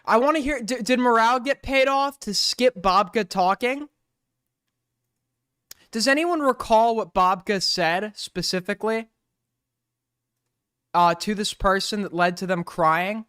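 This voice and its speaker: A man's voice: sits high, a little slow, long pauses, sharp tone, smooth, no echo, clean studio sound. A man hosting a casual commentary stream, blunt and exasperated, swearing freely. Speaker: streamer host.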